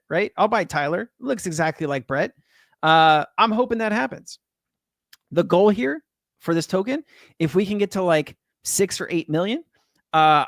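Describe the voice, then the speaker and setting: A man's voice: fairly high pitch, a bit bright, no echo, clean studio sound. A man hosting a casual crypto livestream, rambling and chatty with lots of fillers and restarts.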